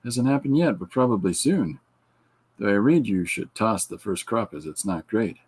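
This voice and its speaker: A middle-aged man with a low, slightly husky voice hosts a casual podcast, reading out viewer comments. He jokes freely and laughs along with his own retellings. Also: lively intonation, moderate pace, a little mellow. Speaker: podcast host.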